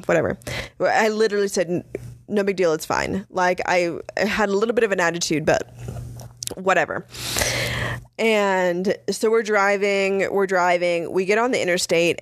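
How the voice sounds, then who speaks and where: Blunt, low-voiced woman telling stories. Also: no echo. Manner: blunt, sarcastic, swears freely. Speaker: podcast host and rideshare driver. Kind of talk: casual storytelling monologue.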